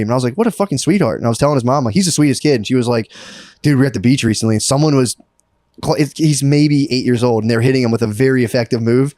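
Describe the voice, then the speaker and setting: A man in his thirties co-hosting a comedy podcast, telling animated stories, acting out voices and laughing often. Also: medium pitch, racing, dry recording, clean studio sound. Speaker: podcast co-host. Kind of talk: casual comedic chat.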